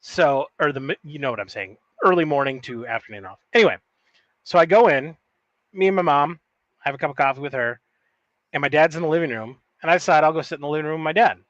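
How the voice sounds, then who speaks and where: A man's voice: fairly high pitch, fast, fairly bright tone, no room sound, highs cut off. A man co-hosting a podcast, telling a long story in a rambling, profane, casual way with many restarts. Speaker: podcast co-host.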